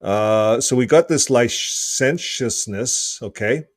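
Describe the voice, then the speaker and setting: A man hosting a casual video, reading from a book and joking, clearing his throat often, with his voice getting hoarse. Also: mid-range voice, takes it slowly, no room sound. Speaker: video host.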